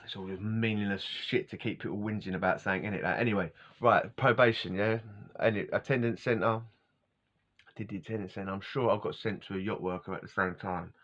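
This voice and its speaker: A man rambles through a casual story in streetwise slang and breaks into chuckles along the way. His voice sits fairly low. The recording is dull and lo-fi. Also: fairly even intonation, a little fast, fairly bright tone. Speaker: vlogger telling a life story. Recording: dull lo-fi sound.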